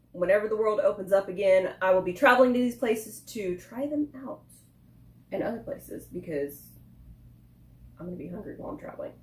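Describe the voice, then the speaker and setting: A young woman hosting a casual food review vlog, chatty and quick to laugh at herself. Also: mid-range voice. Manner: chatty, laughs often, pokes fun at herself. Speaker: food vlogger. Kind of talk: casual chat. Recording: echoey room, faint noise.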